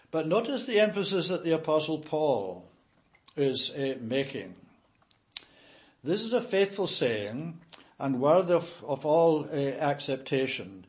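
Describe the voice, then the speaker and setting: A man preaching a sermon with a somewhat high-pitched voice. He speaks in a measured, emphatic way and stumbles over words now and then.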